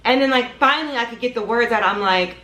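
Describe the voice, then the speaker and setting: Her voice a little high and quick, a young woman tells her viewers a dramatic story from her own life, calling them "y'all" and acting out what happened. It's an animated storytime vlog recorded in an echoey room.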